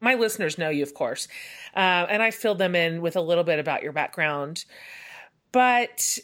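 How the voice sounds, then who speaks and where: A woman hosting a podcast, gushing warmly over her guest and chatting with lively enthusiasm. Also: fairly low pitch, normal speed. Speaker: podcast host. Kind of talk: casual interview conversation.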